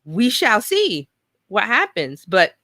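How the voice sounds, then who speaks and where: A woman's voice: mid-range voice, wildly swooping pitch, slow, sharp tone, no echo. A woman from New York hosting a casual live show, chatting and reading out viewer comments. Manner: chatty, thinks aloud, reads viewer comments. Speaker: host.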